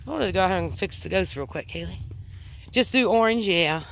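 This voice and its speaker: A woman with a Midwestern American accent vlogs casually from her home kitchen and yard, slightly out of breath as she talks to her pets and viewers. Her voice sits on the low side and is gravelly and expressive, and she speaks fairly quickly.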